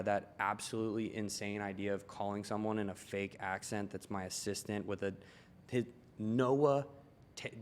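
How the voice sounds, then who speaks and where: A man's voice: lowish voice, slight background noise. A young man from Maryland chatting casually as a podcast guest, swearing and laughing as he tells stories. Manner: swearing, laughing, animated storyteller. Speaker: guest, tailor.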